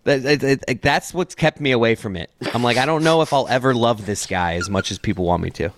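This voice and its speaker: A man co-hosting a podcast in casual chat, talking haltingly with restarts. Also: mid-range voice, a little hiss or hum. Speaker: podcast co-host.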